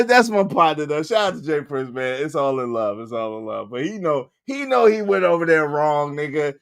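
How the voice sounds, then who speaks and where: A man in riffs on a stream, teasing and animated. His voice swoops widely in pitch while he keeps an unhurried pace. The sound is close and dry. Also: no echo. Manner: animated, mocking, bursts into song and laughter. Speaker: commentary streamer. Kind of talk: casual reaction commentary.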